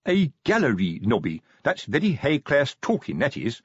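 A man's voice: medium pitch, wildly swooping pitch, normal speed, husky, no room sound, muffled recording, pitched above the performer's own voice. A man voicing a portly, plodding watch sergeant who tries to sound official, in an audiobook. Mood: officious. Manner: earnest, trying to sound official. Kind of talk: audiobook character voice.

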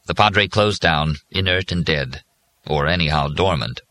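A man narrating an audiobook in an even, measured storytelling manner. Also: extremely low pitch, no echo. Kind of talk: scripted narration.

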